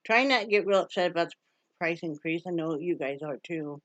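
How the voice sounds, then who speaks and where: A woman's voice: on the low side, brisk, dry recording. A middle-aged woman from Wyoming chatting casually to her camera at home. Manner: chatty, baby-talks to her dog. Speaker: vlogger.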